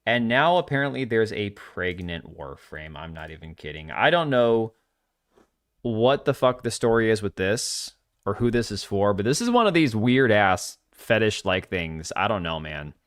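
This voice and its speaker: A man's voice: fairly low pitch, sing-song, normal speed, a bit bright. A young man hosting a casual gaming livestream, blunt and opinionated, often restarting his sentences. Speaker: livestream host.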